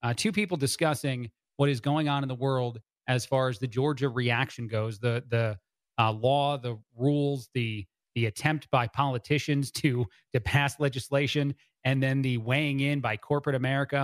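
A man's voice: medium pitch, steady tone, moderate pace, no room sound, studio quality. A man filling in as a radio host, giving rambling talk-radio commentary with many fillers and restarts. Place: radio studio.

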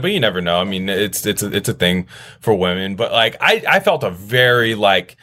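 A man's voice: fairly low pitch, animated, moderate pace, sharp tone. A man guesting on a podcast, chatting casually in an easygoing, agreeable, somewhat hesitant way. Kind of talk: casual chat.

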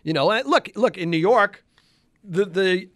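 A man hosting a sports radio show, chatting casually with animated, exasperated asides in a radio studio. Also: high-pitched, a little slow, dry recording.

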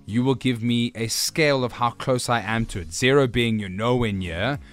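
A man's voice: mid-range voice, moderate pace, fairly bright tone. A man hosting breakfast radio, upbeat and chatty as he explains a guessing game. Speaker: radio host. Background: music.

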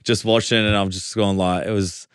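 A man's voice: on the low side, little pitch movement, moderate pace, clear, resonant tone, dry recording, clean studio sound. A man with an Australian accent telling a long story in casual chat, full of fillers and restarts. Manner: rambling storytelling with many fillers. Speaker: podcast guest, footballer.

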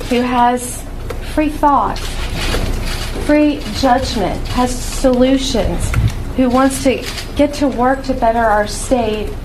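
A woman legislator speaking firmly and deliberately at a press conference. Her voice sits fairly high. Clear background noise from the room runs under her speech. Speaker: state legislator.

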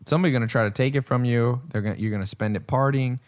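A man's voice: mid-range voice, rapid-fire. A man hosting a podcast, chatting casually and rambling through stories, acting out the lines of people in them. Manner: rambling storyteller, acts out quotes. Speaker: podcast host. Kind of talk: casual chat.

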